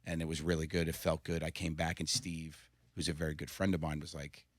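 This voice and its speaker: Fast-talking, low-voiced man telling stories. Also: no echo, clean studio sound. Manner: animated storyteller, laughs often. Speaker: comedian guest. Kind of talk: casual interview storytelling.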